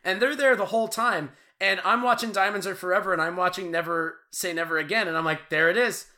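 A man's voice: high-pitched, steady tone, fast talker, bright, forceful tone. A man hosting a film podcast, talking casually with a joking, rambling manner. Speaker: podcast host. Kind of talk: casual chat.

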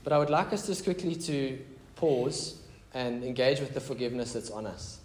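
A man's voice: medium pitch, animated, normal speed, darkish tone, roomy sound, a little hiss or hum. A man preaching a casual, conversational sermon as pastor, mixing prayer, scripture reading and chatty asides.

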